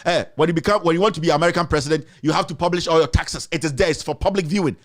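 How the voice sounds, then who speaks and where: A man's voice: fairly high pitch, racing. A man with a Ghanaian accent delivering a heated political rant, repeating his accusations with emphasis. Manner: mixes in another language. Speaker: commentator.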